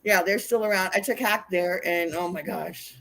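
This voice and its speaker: A woman telling wild road stories in casual chat, animated and profane, acting out what people said. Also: fairly low pitch, moderate pace. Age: older. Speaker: wrestling interview guest. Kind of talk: casual storytelling.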